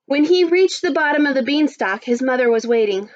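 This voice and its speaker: A woman teacher reading a story aloud to children, expressive and adding little asides. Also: sits high, fairly quick, hardly any pauses, lo-fi sound. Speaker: primary school teacher.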